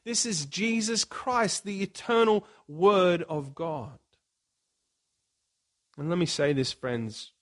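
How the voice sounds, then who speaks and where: Slow, emphatic preaching man. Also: high-pitched. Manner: earnest, emphatic preaching with dramatic pauses. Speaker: pastor. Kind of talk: sermon.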